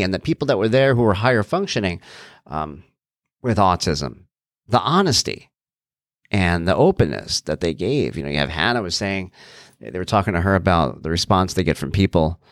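Low-voiced man, lively podcast talk. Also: no echo, studio quality. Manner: earnest, animated, thinking aloud with restarts. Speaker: podcast host and author. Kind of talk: casual solo podcast talk.

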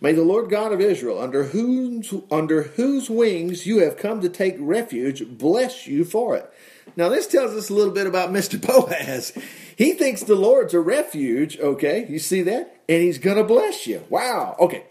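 A man's voice: sits high, very animated, moderate pace, mellow. A middle-aged man preaching, reading scripture aloud with folksy asides and exclamations of praise. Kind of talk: folksy Bible-reading sermon.

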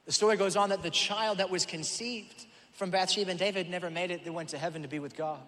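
A male pastor preaching a sermon, telling the story in an animated way and acting out voices. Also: high-pitched, a little fast, long reverb tail, some chatter behind, slight background noise. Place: church auditorium.

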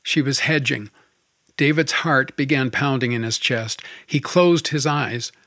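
A man narrating an audiobook in a calm, steady storytelling manner. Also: mid-range voice, unhurried, no echo, clean studio sound.

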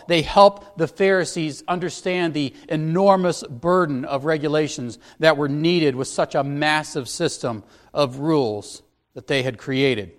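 A pastor delivers an expository sermon, working carefully through the text verse by verse. His voice sits a little higher than most men's, and his tone is earnest and instructive. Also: measured pace.

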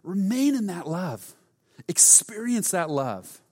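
Animated pastor preaching in a reverberant hall. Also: male voice, high voice, slow pace. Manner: animated storytelling with sudden loud outbursts. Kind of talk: sermon. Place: church sanctuary.

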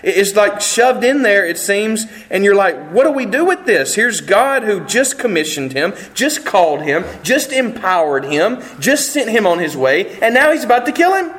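A man delivers a sermon in a loose, conversational way. His voice sits high for a man. He keeps breaking into acted-out quotes and restarting his sentences as he goes. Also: sing-song, moderate pace, few pauses, a bit bright, poor audio. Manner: conversational, acts out quoted voices, self-interrupting. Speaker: pastor.

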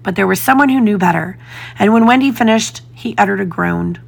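A woman narrating a children's storybook in a gentle, expressive way. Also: medium pitch, a little fast, vocal fry, husky. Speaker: storybook reader.

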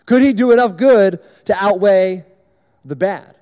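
A young man gives a sermon in a large hall, talking to the room in a relaxed, conversational way. His voice sits high but sounds mellow. A long reverb trails each phrase. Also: a little slow. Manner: conversational, illustrative, repetitive. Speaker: speaker at a church service.

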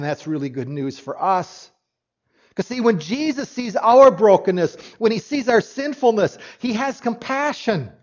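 High-voiced man preaching earnestly. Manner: earnest preaching, swings from loud emphasis to hushed tones; restarts with doubled words. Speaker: pastor. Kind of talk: sermon. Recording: dull lo-fi recording.

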